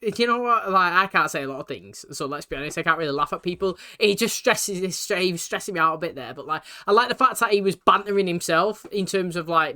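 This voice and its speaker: A British man rambling casually as he reacts to a sitcom, in a bright, forward voice. His talk is chatty and loose, with plenty of asides. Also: high voice, quick pace, few pauses. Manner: chatty, rambling, laughs often. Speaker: reaction video host. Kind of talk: casual commentary.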